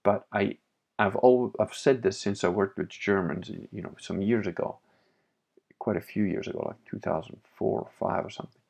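A man's voice: fairly low pitch, fairly even intonation, moderate pace, creaky, a little mellow, lo-fi sound. A man hosting a livestream, reading chat messages aloud and answering them bluntly with frequent laughs. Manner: blunt, opinionated, laughs often.

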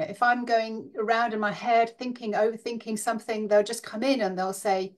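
A woman's voice: a little high, fairly even intonation, normal speed. A woman interviewed as a guest, speaking frankly and conversationally with a light laugh. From Scotland and northern Britain.

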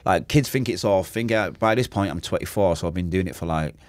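A low-voiced Manchester man talks fairly quickly, with no room sound, as a podcast guest recounting his story in a casual interview. He's a vivid storyteller who acts out quotes and makes gunshot sounds, using street slang and swearing oaths.

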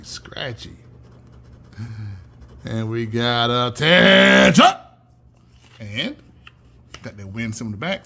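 A man's voice: on the high side, creaky, bright, forceful tone, slightly rough. A man hosting his own channel, chatting casually while scratching lottery tickets and calling out numbers in a sing-song chant. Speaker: channel host.

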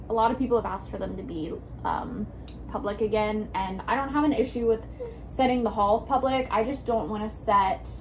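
A woman's voice: medium pitch, slight background noise, rough recording. A young woman giving a chatty, bubbly vlog update, heard in an old video played back. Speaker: vlogger.

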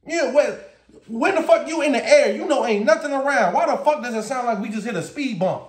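In a roomy, echoing space, a man with a voice pitched high for a male rattles off a storytime vlog tale at a fairly quick clip. It's a profane, animated rant, and he keeps cracking up laughing.

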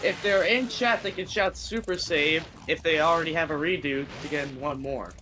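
A man co-hosting a live gameplay stream, chatty, scoring runs and pitching ideas. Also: normal speed, sharp tone. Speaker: stream co-host and track builder. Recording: noisy home mic.

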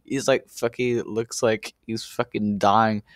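A man's voice: on the low side, flat delivery, slow, dry recording, clean studio sound. A man giving profane reaction commentary on a video, exasperated and rambling, with stammers.

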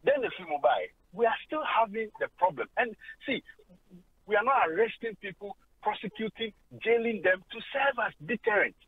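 A man's voice: high-pitched, expressive, moderate pace, slightly rough, no room sound. A man with a Ghanaian accent, a sports journalist on a radio phone-in, speaking emphatically and mixing Twi and English. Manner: indignant, emphatic, switches between Twi and English. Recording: tinny phone line.

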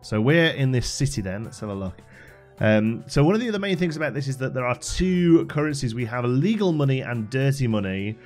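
A man's voice: mid-range voice, animated, fairly quick, darkish tone, faint music behind. A man hosting a game channel, giving chatty playthrough commentary and thinking aloud as he plays.

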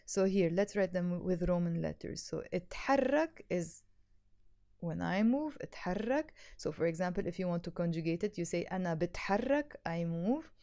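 A woman teaching a language lesson, patiently explaining and repeating words slowly for learners. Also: on the low side, expressive, mellow. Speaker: Arabic teacher.

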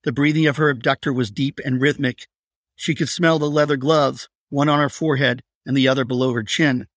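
A man reading aloud from his crime thriller in a steady, measured narration. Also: medium pitch, dry recording, studio quality. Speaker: author reading his novel.

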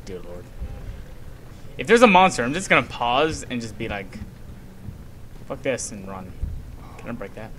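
A man's voice: medium pitch, sing-song, normal speed, long pauses, fairly bright tone, a little hiss or hum. A young man commenting as he plays a horror game, easily scared, given to sudden shrieks and nervous laughter. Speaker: gamer narrating his play.

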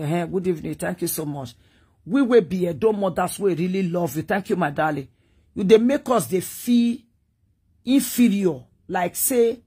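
A Nigerian woman with a husky, breathy voice runs a casual live-stream monologue. She rambles and pleads, talking straight to her viewers. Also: mid-range voice, darkish tone. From Edo State, Nigeria.

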